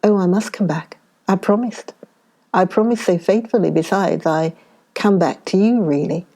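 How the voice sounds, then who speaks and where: A woman's voice: mid-range voice, moderate pace, mellow, natural voice. A woman reading an earnest, pleading lady. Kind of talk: audiobook dialogue reading.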